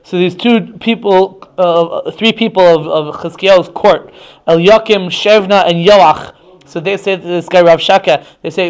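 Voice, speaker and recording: Man, religious text class, high voice, casual restarts, checks in with listeners. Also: brisk. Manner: conversational, frequent restarts, checks in with "right?". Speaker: religious teacher.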